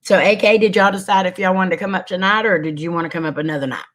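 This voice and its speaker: A man's voice: high-pitched, fairly even intonation, very fast, a bit bright. A man hosting a casual livestream. He chats with viewers, greets them by name and sniffles now and then. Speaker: livestream host.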